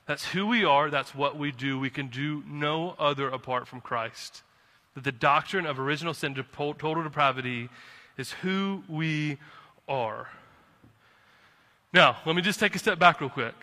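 A man preaching a sermon as pastor from the pulpit, impassioned, swinging from quiet to fired-up. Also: a little high, normal speed. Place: church sanctuary. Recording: long reverb of a hall.

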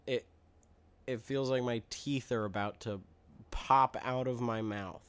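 A man's voice: mid-range voice, fairly even intonation, a little slow, clean tone. A man co-hosting a podcast, telling a rambling story in casual chat with playful, mock-childish exaggeration. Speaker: podcast co-host.

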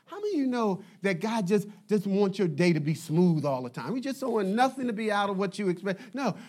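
Animated high-voiced male pastor preaching. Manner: animated, conversational preaching with playful asides. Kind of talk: sermon.

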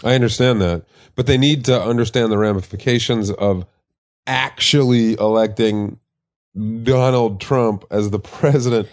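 A man's voice: medium pitch, no echo, studio quality. Man arguing in casual podcast banter. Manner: earnest then crude, quick joking asides. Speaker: podcast co-host.

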